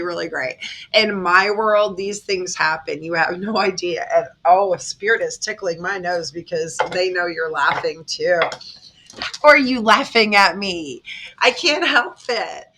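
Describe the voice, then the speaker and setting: Bright-voiced woman chatting as a tarot reader. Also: on the low side. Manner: animated, dramatic, laughs often. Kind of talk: casual chatty reading to viewers.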